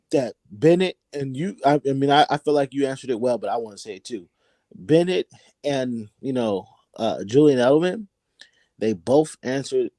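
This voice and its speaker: Dark-voiced man giving emphatic sports takes. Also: mid-range voice, dry recording, clean studio sound. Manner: emphatic, repeats words when fired up. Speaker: call-in guest on a sports podcast. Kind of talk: animated sports opinion talk.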